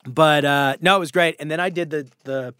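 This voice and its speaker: A man's voice: a little high, a little fast, smooth, no room sound, studio quality. A man guest telling a story in a casual interview, acting out the voices of the people in it. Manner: animated anecdote telling with acted-out quotes. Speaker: guest comedian and actor.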